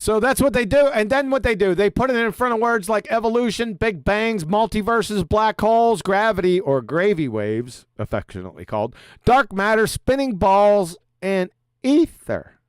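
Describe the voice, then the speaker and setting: A man's voice: high-pitched, lively intonation, normal speed, clean tone, no echo, studio quality. A middle-aged man hosting a livestream, lecturing sarcastically and firing off rhetorical questions. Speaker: show host. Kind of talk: lecture-style livestream monologue.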